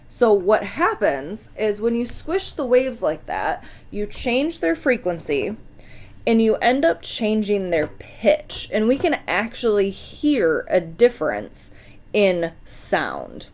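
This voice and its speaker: A woman teaching a science lesson, talking casually and putting questions straight to her students. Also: mid-range voice. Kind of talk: recorded classroom lesson.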